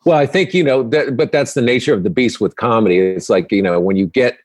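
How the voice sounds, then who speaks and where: A man's voice: medium pitch, brisk, darkish tone, no echo. A man who is a comedian guest on a podcast, talking in a reflective, rambling way, full of "you know"s. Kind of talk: casual chat.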